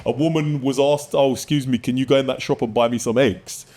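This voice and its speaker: A man hosts a casual political podcast. His voice sits at a middling pitch. He talks bluntly and emphatically, swearing freely. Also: fairly even intonation, fairly quick, a little mellow. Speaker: podcast host.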